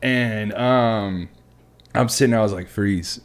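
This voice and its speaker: Speaking a little slowly in a lowish, clear, resonant voice, this podcast host spins easygoing stories in casual conversation. Swearing comes freely, and "man" and "dude" pop up often as he addresses his guest.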